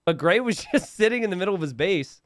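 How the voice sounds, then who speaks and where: He talks quickly in a high voice, recorded in studio quality with no echo. Casting a game on stream, he laughs often mid-sentence while reacting to viewer memes, teasing chat in an animated, chatty way and correcting himself as he goes.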